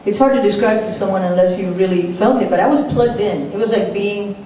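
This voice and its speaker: A woman's voice: medium pitch, brisk, dark tone. A woman giving a personal storytelling speech as a guest speaker at a university event, telling her story with humor and animation. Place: large hall at a university event. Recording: echoey hall from far off with faint noise.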